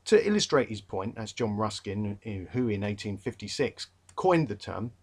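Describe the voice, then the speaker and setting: A man's voice: lowish voice, lively intonation, normal speed, husky. A man with a London accent giving a rambling, chatty revision talk to literature students, full of fillers and restarts, and emphatic about a pet peeve. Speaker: English literature tutor.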